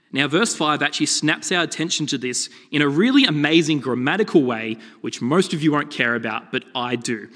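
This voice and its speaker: A man delivers a sermon and tells stories with animated, shifting emphasis. His voice sits in an ordinary middle register. A long reverb from the hall trails after his words. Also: mid-range voice. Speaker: preacher.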